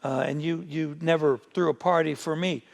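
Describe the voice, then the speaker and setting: Male pastor as a grown older brother, resentful and complaining, gravelly, in a sermon. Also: a little high, fairly even intonation, moderate pace. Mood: aggrieved. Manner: indignant complaining speech read out in a sermon.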